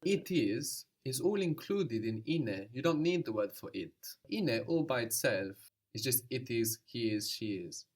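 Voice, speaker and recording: A man's voice: mid-range voice, lively intonation, moderate pace, a little mellow. A man teaching a language lesson, patiently explaining and prompting his student.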